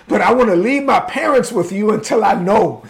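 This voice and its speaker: A preacher voicing David, desperate pleading warrior. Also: male voice, high voice, expressive, normal speed, gravelly. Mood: urgent pleading. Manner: urgent, pleading. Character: desperate young male warrior pleading with a king.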